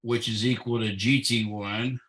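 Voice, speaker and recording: A man's voice: lowish voice, fairly even intonation, a little slow, fairly bright tone, poor audio. A man tutoring physics, working through a problem step by step and thinking aloud with fillers.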